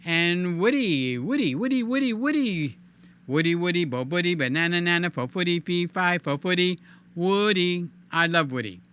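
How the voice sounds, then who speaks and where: A man hosting a live stream in casual, animated chat, cooing in baby talk and reading viewer comments aloud. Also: high voice, moderate pace, clean tone. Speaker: livestream host.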